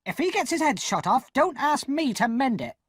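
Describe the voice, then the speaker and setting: A man reading an audiobook, voicing a sharp, scolding older sister. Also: very high-pitched, big pitch swings, moderate pace, slightly rough, no room sound, studio quality, voice pushed up, full character voice. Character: sharp-tongued scolding grown woman, the boy's sister.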